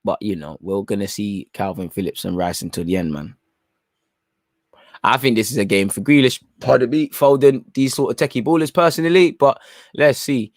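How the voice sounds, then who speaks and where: A man's voice: on the low side, normal speed, dry recording, clean studio sound. A man hosting a live football watchalong, talking casually and with strong opinions about the play, often tacking "man" onto his phrases. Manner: reads chat messages aloud and reacts. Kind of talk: live casual match commentary.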